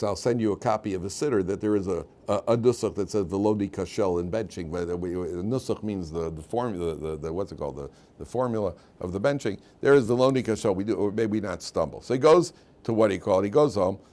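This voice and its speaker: Animated rabbi telling stories in class. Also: male voice, lowish voice. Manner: animated, many restarts and repeated words. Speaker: rabbi teaching a weekly class. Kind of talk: storytelling lecture. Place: yeshiva classroom.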